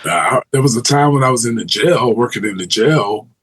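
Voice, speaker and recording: A man's voice: mid-range voice, normal speed, slightly rough, poor audio. A man, a former corrections officer, telling vivid stories in a casual interview and acting out the voices of people he quotes. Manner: animated storyteller, acts out quoted voices, restarts often.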